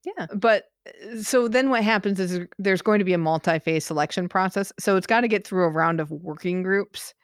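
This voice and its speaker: A woman's voice: mid-range voice, moderate pace, hardly any pauses, dry recording, clean studio sound. A woman co-hosting a podcast, chatting casually and laughing often. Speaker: podcast co-host.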